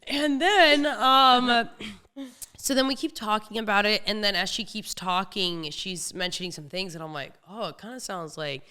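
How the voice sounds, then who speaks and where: Bright-voiced young woman telling a story. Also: mid-range voice, moderate pace, clear, resonant tone. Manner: animated, acts out quoted voices, laughs often. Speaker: podcast host. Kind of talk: casual storytelling chat.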